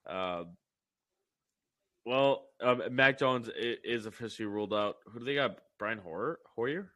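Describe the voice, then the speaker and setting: Bright-voiced man in casual sports chat. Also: medium pitch, animated, unhurried, dry recording, studio quality. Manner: stammering, laughing, profane. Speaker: podcast co-host.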